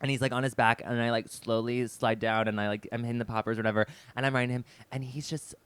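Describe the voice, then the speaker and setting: A man's voice: medium pitch, flat delivery, quick pace, fairly bright tone, smooth, dry recording. A young man co-hosting a podcast, telling a story animatedly and acting out both sides of the conversation. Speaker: podcast co-host. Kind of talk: casual chat, telling a story.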